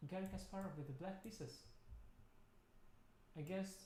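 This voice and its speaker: Guy live streaming chess from home, chatty and playful, bit high pitched, talking to his viewers at the desk mic. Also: measured pace, warm tone, slight background noise. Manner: chatty, playful, talks to viewers while clicking around. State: tired, speaking softly at first. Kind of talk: casual live-stream chat. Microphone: desktop USB mic.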